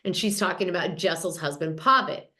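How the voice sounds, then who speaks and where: A woman's voice: on the low side, fairly quick, bright, forceful tone. A woman hosting a podcast, recapping reality TV episodes in a chatty, gossipy way and quoting the cast as she goes. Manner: chatty, gossipy storytelling, quotes people in passing. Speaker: podcast host.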